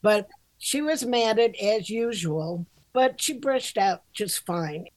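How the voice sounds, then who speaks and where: On a dry recording, an older woman with a medium-pitched, slightly mellow voice co-hosts a grooming podcast in casual conversation. A dog groomer and shop owner, she talks frankly, jokes at her own expense, laughs frequently and swears a lot.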